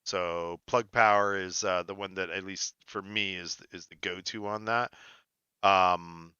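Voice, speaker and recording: Male podcast co-host, bright and forceful tone, animated and jokey, dry slightly dull recording. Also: low voice, a little slow, clear, resonant tone, no echo. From United States. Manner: animated, jokey, laughs often. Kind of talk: casual podcast chat.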